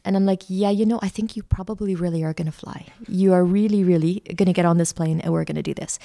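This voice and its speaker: A middle-aged woman, a podcast guest telling a lively travel story with lots of fillers. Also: medium pitch, quick pace, few pauses. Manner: chatty, animated anecdote-telling with many fillers. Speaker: interview guest, art school founder. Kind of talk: casual storytelling.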